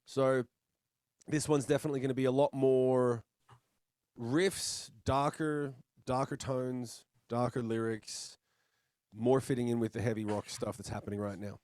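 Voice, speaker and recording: A man's voice: medium pitch, steady tone, a little slow, a little mellow, no echo. A man with an Australian accent, chatting casually and bluntly as a musician guest over a video call. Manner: laid-back, blunt, chatty, swears casually.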